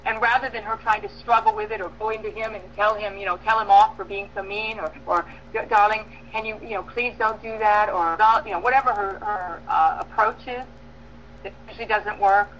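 A woman preaching a sermon, emphatic, with bursts of loud stress and soft pauses, acting out prayers and dialogue. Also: mid-range voice, fairly even intonation, slight background noise, rough recording. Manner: acts out prayers and quoted dialogue.

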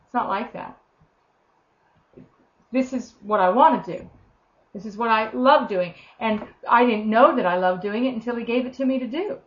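A woman's voice: on the high side, moderate pace, long pauses, lo-fi sound. A woman giving an informal, earnest sermon, talking conversationally and acting out the voices of the people she quotes. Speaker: preacher.

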